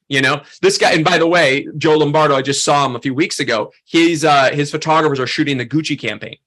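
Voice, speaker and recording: A man in his thirties teaches a photography workshop in a casual, storytelling way. His voice sits a little high and sounds bright and forward. He fills his talk with "um" and "like" and jumps into quoted voices as he goes. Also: fast, hardly any pauses. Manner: animated, acts out quoted voices, many fillers.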